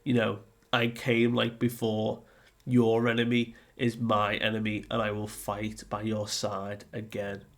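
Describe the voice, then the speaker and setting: A loyal ancient giant robot, as a man voices it, slow and low with a calm, earnest steadiness. The voice stays grounded and quiet, with a gravelly edge, in a casual comic retelling. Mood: solemn.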